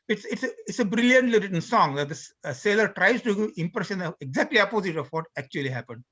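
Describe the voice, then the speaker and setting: A man giving an introductory lecture in an explanatory manner, pausing and restarting between points, on a dull lo-fi recording. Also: high-pitched, lively intonation, bright, forceful tone, husky. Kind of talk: introductory lecture with recited lyrics.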